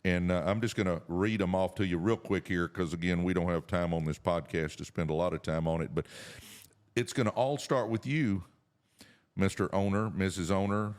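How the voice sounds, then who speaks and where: A man's voice: low-pitched, fairly even intonation, normal speed. A middle-aged man co-hosting a business podcast, talking in a folksy, earnest pep-talk way. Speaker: podcast co-host. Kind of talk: casual business podcast chat.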